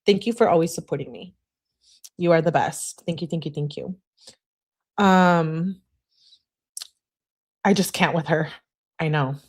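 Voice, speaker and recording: A woman's voice: deep voice, measured pace, pauses often, darkish tone, slightly rough. Sarcastic woman hosting a livestream. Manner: sarcastic, exasperated asides to chat. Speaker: true-crime livestream host. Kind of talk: casual live-stream commentary.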